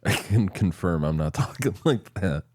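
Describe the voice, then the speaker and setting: Very deep, dark-voiced male podcast host. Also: expressive, normal speed, no echo, clean studio sound. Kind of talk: casual podcast chat.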